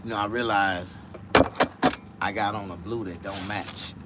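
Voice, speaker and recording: A man hosting a casual livestream chat, rambling and profane, dropping to low mutters and jumping to high excited outbursts. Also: measured pace, very noisy. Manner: profane, rambling street talk. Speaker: livestream host.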